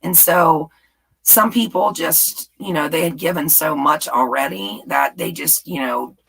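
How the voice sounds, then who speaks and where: A woman's voice: low-pitched, measured pace, creaky, a bit bright, breathy edge, low-quality recording. A woman hosting a rambling, casual live chat and reading viewer comments aloud. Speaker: livestream host.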